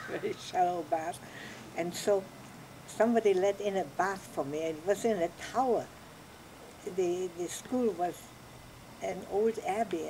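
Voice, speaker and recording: An older woman telling her life story in an interview, reflective and unhurried, often laughing softly as she talks. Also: on the low side, slight background noise, rough recording. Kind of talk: oral history recollection.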